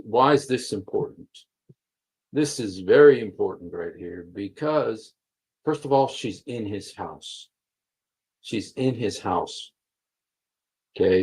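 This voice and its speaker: A man leads a livestream on a computer mic, reading texts aloud and pausing to hammer his points with repetition and many fillers. His voice is low-ish, husky, and a little mellow, and he speaks slowly. The audio is poor.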